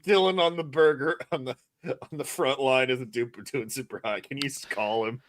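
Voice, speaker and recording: A man's voice: mid-range voice, moderate pace, no echo. A man co-hosting a podcast, chatting casually, laughing often and cracking dry jokes. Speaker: podcast co-host. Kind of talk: casual chat.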